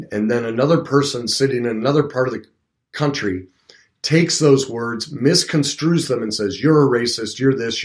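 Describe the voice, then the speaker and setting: Fifty-something man giving a motivational talk. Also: medium pitch. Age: 50s. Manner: conversational, acts out little dialogues with a lifted voice. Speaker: radio show host and coach. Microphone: streamed talk show mic, also seen on video.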